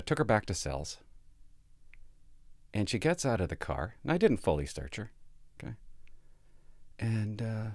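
A man's voice: lowish voice, a little mellow, dry recording, studio quality. A man, a police officer telling work stories in a blunt, sarcastic, profane casual vlog from a sparse home office.

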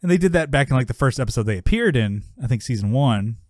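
Animated man recapping a sitcom, laughing. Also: quick pace, no echo, studio quality. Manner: animated, laughs often, acts out characters in a high yelling voice. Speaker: podcast co-host. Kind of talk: casual chat recapping a sitcom episode.

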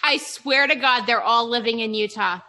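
A woman hosting a laid-back chat, dropping quick, witty asides. Her voice is higher than most and cuts through with a sharp, bright edge. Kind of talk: casual podcast chat.

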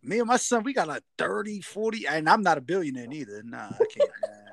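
A man's voice: high voice, animated, fairly quick, creaky, fairly bright tone. A man co-hosting a podcast in casual chat, telling stories in slangy talk with acted-out quotes. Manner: laid-back slangy storytelling with acted quotes. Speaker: podcast co-host. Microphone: remote recording setup. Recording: dry remote recording.

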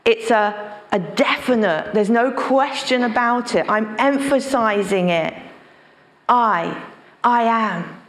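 A woman pastor delivering a sermon at an unhurried pace. She stresses her points by repeating key phrases. Her voice rings in a roomy, echoing space. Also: a little high, animated.

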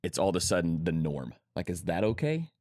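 A man's voice: sits low, very animated, a little fast, a little mellow, no echo, clean studio sound. A man co-hosting a casual church podcast, asking upbeat questions and reading out listener comments. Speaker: podcast co-host, youth pastor. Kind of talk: casual chat.

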